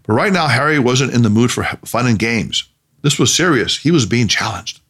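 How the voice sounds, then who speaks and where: Expressive male storyteller. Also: mid-range voice, moderate pace. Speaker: narrator. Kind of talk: scripted storybook narration.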